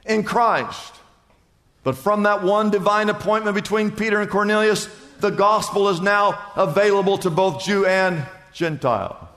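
A man's voice: sits high, a bit bright. A male pastor preaching a sermon, telling stories and building to emphatic peaks in a large church. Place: large church in Los Angeles. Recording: echoey church hall.

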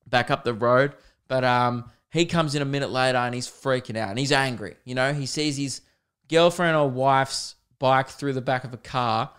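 A young man hosting a podcast, telling a comic story in an animated, self-mocking way and swearing freely. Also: medium pitch, clean tone. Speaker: podcast host. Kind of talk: comedic storytelling.

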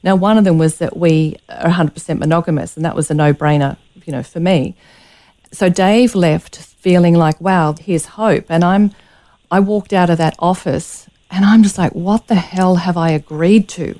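A woman's lowish, dark voice moves at a moderate pace as she shares something painful from her life on a radio program. She sounds earnest and emotional, on the verge of crying.

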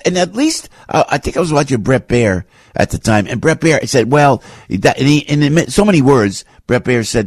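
A man hosting a talk radio show, ranting in an animated, opinionated way with loud outbursts. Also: medium pitch, a little fast, husky, no room sound. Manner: animated, breaks into loud outbursts and mocking voices.

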